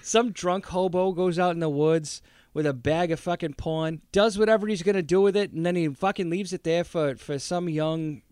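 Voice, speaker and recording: High-voiced joking podcast man. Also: fairly even intonation, moderate pace, a little mellow, smooth, no echo, studio quality. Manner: profane, joking storyteller. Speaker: podcast co-host. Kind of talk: casual podcast chat.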